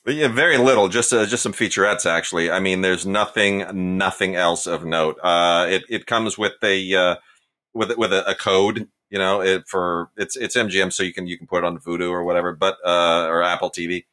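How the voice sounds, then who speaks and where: Animated bright-voiced man reviewing films. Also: low voice, normal speed. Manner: animated, emphatic, jokey opinions. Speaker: co-host. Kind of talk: casual movie review chat.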